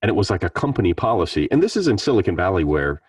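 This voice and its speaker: A man with a very low, husky voice talks loosely and at length in a casual online panel. He sounds slightly off-mic, in a dry room. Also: very animated, racing, dry recording, recorded from a distance. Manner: rambling, conversational. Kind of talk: casual online meetup discussion. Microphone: video call.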